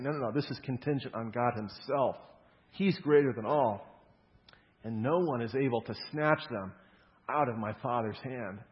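Man preaching in a reverberant hall. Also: mid-range voice. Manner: explanatory, emphatic on key words, conversational asides. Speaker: pastor. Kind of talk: sermon. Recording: dull lo-fi sound with long hall reverb.

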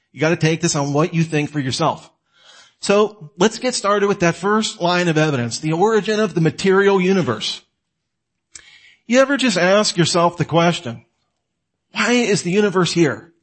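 A man lectures in a relaxed, conversational way. His voice sits a little high for a man. He keeps asking the listener questions and then answers them himself, with lively energy. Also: normal speed. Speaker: apologetics teacher.

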